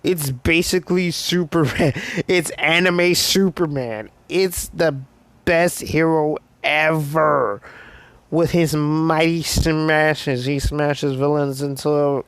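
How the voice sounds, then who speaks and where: A man voicing a teenage boy hero who talks in a flat, dismissive way. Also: medium pitch, unhurried, vocal fry, no room sound. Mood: starstruck.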